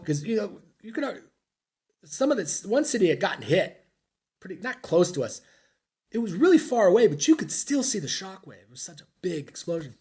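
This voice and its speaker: This veteran's voice sits high and is sing-song, a little mellow and slightly rough, and he talks fairly quickly. A middle-aged man from the United States, he's a podcast guest telling war stories casually, rambling, cursing, blunt and making fun of himself.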